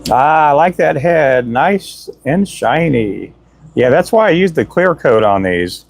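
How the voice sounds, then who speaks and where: A talkative man hosts his own live stream on a desk microphone, with a voice pitched a touch high. He rambles cheerfully and calls himself a chatterbox. His voice sounds a little worn from talking for hours. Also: lively intonation, slow, vocal fry, dry recording. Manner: chatty, self-described chatterbox; cheerful shout-outs and jokes. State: tired voice from talking a lot. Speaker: livestream host. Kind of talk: casual live-stream chat. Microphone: Donner microphone.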